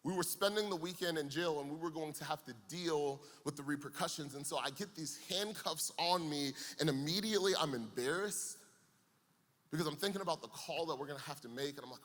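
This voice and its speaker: A man's voice: on the high side, brisk, a bit bright. A young man preaching to a youth camp, telling a comic story with playful asides before turning serious. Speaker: camp speaker. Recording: long hall reverb.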